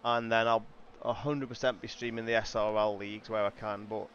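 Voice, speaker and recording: A man's voice: lowish voice, flat delivery, a little fast, fairly bright tone, lo-fi sound, slight background noise. A middle-aged man chatting casually to viewers as a sim racing streamer, laid-back and calling everyone "mate". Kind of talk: casual live-stream chat. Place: home sim racing rig.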